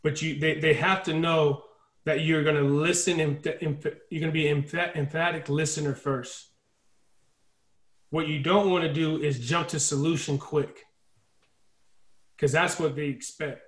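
A man's voice: a little high, steady tone, unhurried, a bit bright. A man giving an earnest talk as a guest speaker. He often acts out the voices he quotes and speeds up when stirred. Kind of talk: impassioned talk on a video call. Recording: echoey room.

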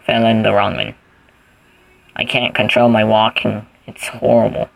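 A man's voice: lowish voice, steady tone, measured pace, creaky, fairly bright tone, poor audio. A man giving casual gameplay commentary, rambling goofily and thinking aloud as he plays. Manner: rambling, goofy, thinks aloud while playing. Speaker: gaming channel host.

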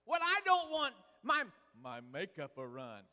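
A man preaching a sermon as pastor in a church, folksy and building to loud preaching with lots of "uh". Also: very high voice, wildly swooping pitch, unhurried. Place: church sanctuary. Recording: church hall reverb.

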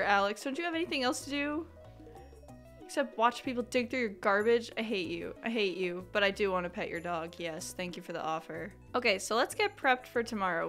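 A young adult woman giving casual, rambling gameplay commentary, breaking into excited exclamations. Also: medium pitch. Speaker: gaming channel host.

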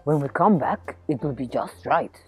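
A woman's voice: sits low, expressive, normal speed, husky, faint music behind, voice pushed down, exaggerated voice. Woman as a firm big father bear.

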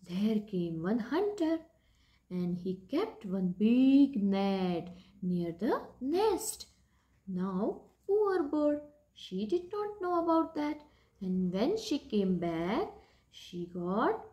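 A woman telling a children's story to young listeners in a slow, sing-song storytelling voice. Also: medium pitch, a bit bright. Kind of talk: storytelling for kids.

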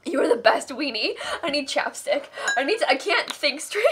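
During a live charity stream, a young woman reads out donations and thanks viewers with gushing affection, crying and laughing through her tears. Her voice sits high and sounds a bit bright.

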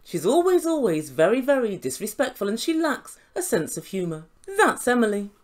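Woman, fairly high voice, sarcastic reality TV recap, teasing and mocking. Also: very animated, normal speed. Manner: sassy and mocking, laughs often. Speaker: YouTube reality TV reviewer.

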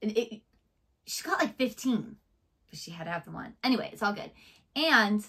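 Bright-voiced American woman chatting. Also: mid-range voice, very animated, normal speed, slightly rough. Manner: chatty, good-humoured, teasing. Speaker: co-host of a reaction channel, middle school worker. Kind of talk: casual chat.

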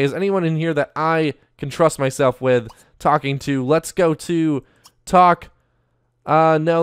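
A man's voice: a little high, smooth, dry recording. A young man giving casual, upbeat Let's Play commentary as he plays, often talking to his viewers directly. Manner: chatty, upbeat, talks to viewers as "you guys". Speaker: gaming YouTuber.

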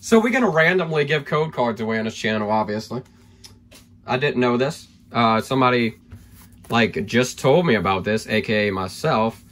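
A man opening trading card packs on camera, excitable and hyped, thinking aloud as he goes and losing his voice. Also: medium pitch, normal speed. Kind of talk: excited pack-opening vlog.

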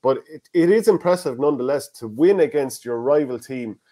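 An Irish man hosting a casual sports chat, reading out listener comments and giving his own views. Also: medium pitch. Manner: fast, animated, reads listener comments aloud. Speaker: podcast host.

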